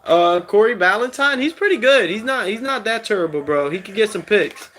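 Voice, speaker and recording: A man's voice: sits high, a little fast. Male stream host; easygoing, chatty, reads comments aloud. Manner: relaxed, reads chat aloud, many fillers. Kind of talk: casual live stream chat.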